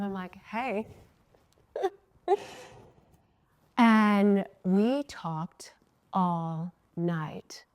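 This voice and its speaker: A woman's voice: medium pitch, darkish tone. A woman in her thirties hosting a podcast, telling a personal story in a casual, chatty way. She often acts out her own past lines and laughs mid-sentence. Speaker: podcast host.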